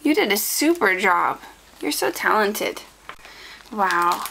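A woman's voice: fairly high pitch, slow pace, gravelly, a little hiss or hum, rough recording. A woman vlogger chatting casually as she unwraps a package of scrapbooking supplies, gushing with delight. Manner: gushing, excited, addresses viewers as guys. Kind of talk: casual unboxing chat.

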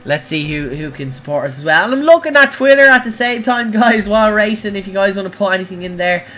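Bright, excitable gaming streamer. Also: male voice, sits high, fast talker. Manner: excitable, cries out at crashes and wins. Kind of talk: live gameplay commentary.

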